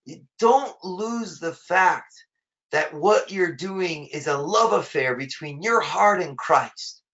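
A man preaching a sermon with a fairly high, bright, forceful voice. He talks in a loose, conversational way and often repeats himself mid-thought. The recording sounds a little muffled and lo-fi. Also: animated, slow pace. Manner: conversational, repeats words while rephrasing.

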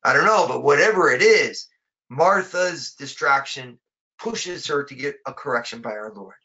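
A man's voice: mid-range voice, lively intonation, normal speed, bright, forceful tone, muffled recording. A man preaching a sermon in a conversational way, often repeating words as he rephrases his thoughts.

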